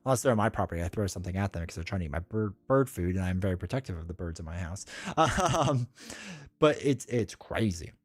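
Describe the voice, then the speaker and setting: A man's voice: low voice, expressive, fast talker, no echo. A middle-aged man chatting casually on a live stream, rambling and reading chat messages aloud.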